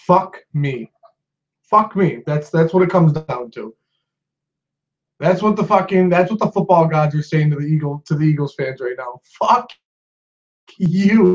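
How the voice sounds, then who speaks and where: A man with a fairly high voice rants in an upset sports vlog, swearing and circling back over the same points. The recording sounds dull and lo-fi. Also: darkish tone. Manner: agitated, swearing, repeats himself. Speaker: sports fan vlogger.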